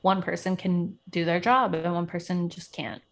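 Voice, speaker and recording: On this reality TV podcast, a woman from Puerto Rico co-hosts in a low-leaning, steady voice at normal speed. It's a casual chat, and she fills it with fillers and tangents.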